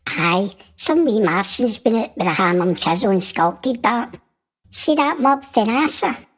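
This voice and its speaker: A man's voice: sits high, expressive, a bit bright, voice pushed up, exaggerated voice. A man voicing a cheeky, hot-tempered male Martian guest. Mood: indignant. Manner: cheeky, quick to anger.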